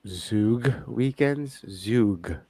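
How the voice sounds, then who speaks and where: A man in his thirties co-hosting a podcast in casual chat, with a relaxed, offhand way of talking and quick questions. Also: fairly low pitch. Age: 30s. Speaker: podcast co-host.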